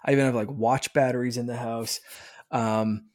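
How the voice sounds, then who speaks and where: A man in his thirties talking in an easy podcast chat with a middle-pitched voice. He gets excited and rambles, stumbling and restarting his sentences as he goes. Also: normal speed. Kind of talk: casual chat.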